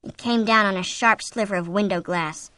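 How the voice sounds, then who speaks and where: Bright, dry-voiced woman narrator. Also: medium pitch, normal speed, dry recording. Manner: expressive, suspenseful reading. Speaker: audiobook narrator. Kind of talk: scripted narration of a horror novel.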